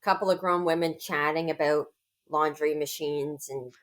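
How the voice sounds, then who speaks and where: A woman's voice: low voice, fairly even intonation, moderate pace. A woman co-hosting a podcast, chatting casually and teasing her co-host. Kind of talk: casual chat.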